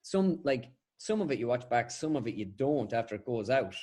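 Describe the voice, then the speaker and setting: A man's voice: medium pitch, sing-song, a little mellow. An Irish man, a comedian and impressionist, chatting casually as a podcast guest and acting out quotes as he tells stories. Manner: rapid, storytelling, acts out quotes.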